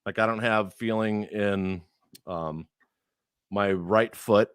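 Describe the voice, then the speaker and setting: A man's voice: fairly low pitch, slow, smooth, dry recording, studio quality. A man telling a personal story in casual chat, swearing freely and acting out the people he quotes. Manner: profane, animated, acts out quoted people.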